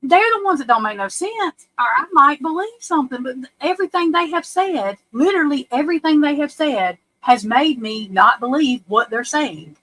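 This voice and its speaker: A woman hosting a live stream, giving casual true crime commentary in a blunt, profane, animated way and often laughing. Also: sits high, normal speed, hardly any pauses, low-quality recording. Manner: laughs often while telling stories. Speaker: livestream host. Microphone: webcam or desk mic on a live stream.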